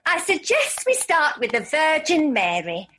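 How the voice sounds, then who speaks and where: A woman's voice: sits high, wildly swooping pitch, a little slow, fairly bright tone, slight background noise, exaggerated voice. An actress playing a fussy, flustered woman helping to run an amateur show in a comedy audio drama.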